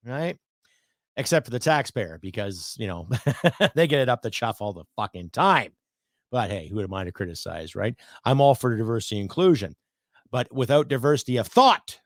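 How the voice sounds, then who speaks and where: A man's voice: mid-range voice, no echo, clean studio sound. A man in his fifties hosting a solo podcast, ranting bluntly with profanity and sarcasm. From Canada. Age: 50s. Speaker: podcast host.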